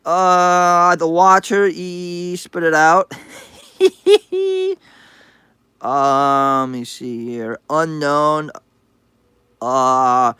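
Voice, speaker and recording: A man's voice: a little high, lively intonation, drawn-out words, long pauses, bright, forceful tone, smooth, no room sound. A man hosting a livestream, reading chat aloud with crude sarcasm and frequent hesitations. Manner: sarcastic, profane, hesitant with many uhs.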